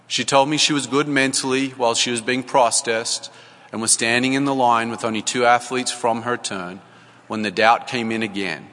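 A man's voice: mid-range voice, steady tone, normal speed, bright, forceful tone, long reverb tail. A man, a coach, giving an earnest church talk, telling a story and acting out the dialogue.

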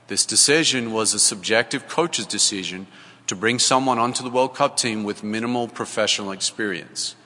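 A man's voice: lowish voice, pushed and bright, long reverb tail. A man, a coach, giving an earnest church talk, telling a story and acting out the dialogue.

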